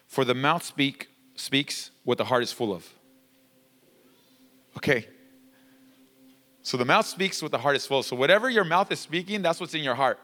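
A male pastor preaching a sermon, emphatic and repetitive, his voice climbing toward a near-shout as he drives points home. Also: medium pitch, big-room sound. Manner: emphatic, repeats lines, rising to near-shouting. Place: church sanctuary.

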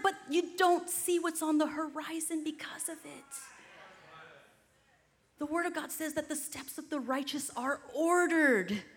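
A woman preacher delivering an energetic, exhortative sermon that rises to shouts. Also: high voice.

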